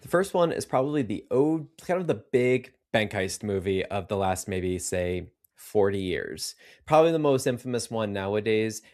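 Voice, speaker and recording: A man co-hosting a movie podcast, chatting casually and enthusiastically retelling scenes. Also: lowish voice. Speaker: podcast co-host. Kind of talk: casual chat.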